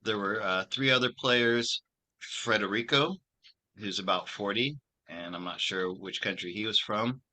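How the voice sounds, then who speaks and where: A channel host talks casually over a video call, wandering through his story with frequent pauses and restarts. His voice is fairly low, yet its tone is very bright and forceful. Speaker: channel host and tarot reader.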